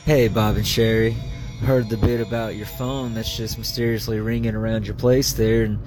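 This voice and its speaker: A man's voice: lowish voice, level tone, normal speed, music in the background. A man calling in to a radio show, rambling through a thought with lots of fillers. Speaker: caller.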